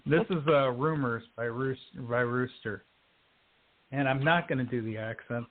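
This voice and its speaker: A man on a poetry show, chatting in a quick, chatty way and reading poems aloud. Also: medium pitch. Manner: chatty, quick, laughs between remarks. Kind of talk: casual chat and poetry reading. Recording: tinny phone line.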